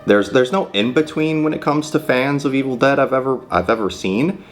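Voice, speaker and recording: A man in his thirties from California, telling a personal story on his vlog in an animated, profane way and laughing often. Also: medium pitch, brisk, soft background music. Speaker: channel host.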